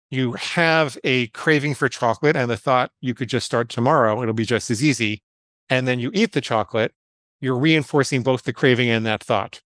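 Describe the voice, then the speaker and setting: A man's voice: medium pitch, a bit bright, dry recording. A man, a psychologist guest, telling a personal story in an interview in a candid, self-deprecating way, acting out the voices in his head.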